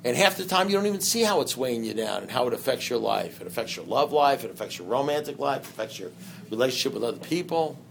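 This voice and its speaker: A man speaking to a recovery meeting in a rambling, conversational way, full of "you know" asides, swinging between loud bursts and quiet low stretches and acting out dialogue. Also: sing-song, fast, vocal fry, slight background noise. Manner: acts out dialogue in anecdotes. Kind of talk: personal recovery talk to an audience.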